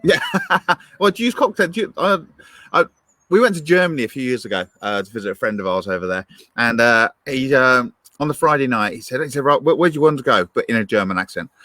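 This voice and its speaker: A man co-hosting a church's weekly show, telling animated stories and acting out the voices he quotes. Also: medium pitch, fast, no echo. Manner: animated storyteller, acts out quoted voices, laughs often. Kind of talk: casual chat.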